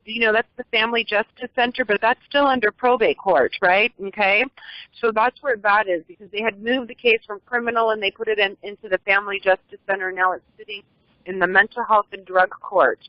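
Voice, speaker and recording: Female call-in guest, mid pitch, rambling and searching for words, dull dry phone-style audio. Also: no echo. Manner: rambling, restarts sentences, seeks reassurance. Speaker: guest caller. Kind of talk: casual call-in interview.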